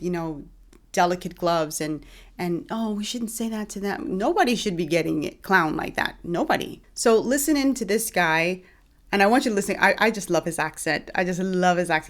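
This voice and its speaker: A woman with a Bahamian accent talks straight to her viewers in a casual vlog. Her voice sits on the lower side for a woman. She is chatty and emphatic, often circling back with "you know" and "um.". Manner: chatty, emphatic, many fillers and restarts. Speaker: vlogger host.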